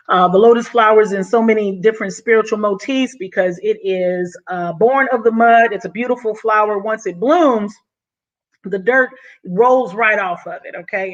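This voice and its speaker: Woman vlogger, excited, out of breath, calls people honey, mid-pitched voice, dull lo-fi recording. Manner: excited, effusive, says "honey" often. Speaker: YouTube vlogger. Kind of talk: casual vlog monologue.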